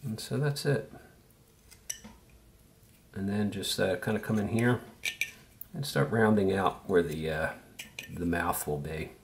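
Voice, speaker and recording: A man's voice: deep voice, steady tone, measured pace, vocal fry, slight background noise. A man giving an easygoing, step-by-step tutorial while he works, thinking aloud as he goes. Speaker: woodcarving instructor.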